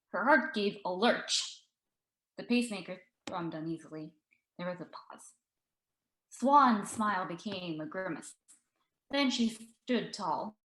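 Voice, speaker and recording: A woman's voice: medium pitch, expressive, measured pace, a bit bright. Woman reading her story in an echoey room. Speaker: author.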